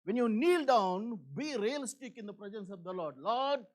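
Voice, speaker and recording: Pastor guy with a high voice preaching, repeats himself a lot, lots of "like, you know", loud then hushed. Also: expressive, normal speed. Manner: earnest, repetitive, many fillers. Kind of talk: sermon.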